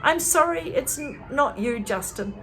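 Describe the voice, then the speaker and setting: A woman voicing an upset teenage girl who sounds defensive and tearful and talks in quick, pleading bursts. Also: high voice, animated, fairly bright tone, voice pushed up.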